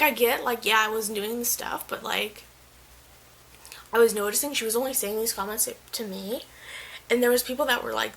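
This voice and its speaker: Chatty young woman with a gravelly edge. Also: on the high side, fairly bright tone, slight background noise, rough recording. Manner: chatty, heavy use of "like", quotes others mid-story; frustrated, venting. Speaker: vlogger. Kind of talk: casual storytelling vlog.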